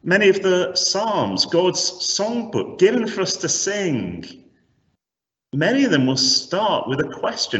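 Animated male preacher in an echoey hall. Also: sits high, slow pace. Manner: animated, rhetorical, varied emphasis. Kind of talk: sermon. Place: church hall. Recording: echoey hall from a distance, slightly dull.

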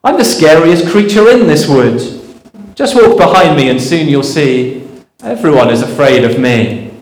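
A man's voice: fairly high pitch, lively intonation, unhurried, roomy sound, poor audio. A man voicing a small, clever male mouse from a storybook, bold and cheeky. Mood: boastful. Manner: cheeky, boastful.

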